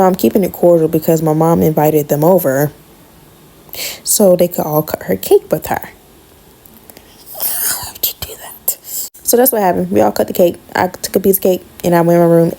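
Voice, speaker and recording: A woman telling a personal story in a casual monologue, blunt, profane and animated. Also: on the low side, fairly quick, gravelly.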